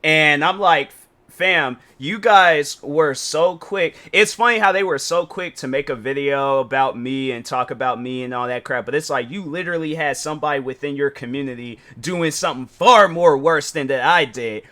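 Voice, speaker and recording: A man's voice: mid-range voice, fairly quick, hardly any pauses, pushed and bright. A man giving casual reaction commentary as a YouTuber, exasperated and rambling, with slang and many restarts.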